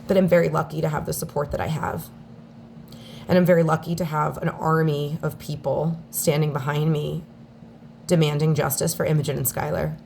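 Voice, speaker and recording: A woman speaking in an emotional personal video statement, on the verge of tears, with halting, heartfelt delivery and long pauses. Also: low-pitched, creaky, a little hiss or hum. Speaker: mother speaking out in a daily video diary.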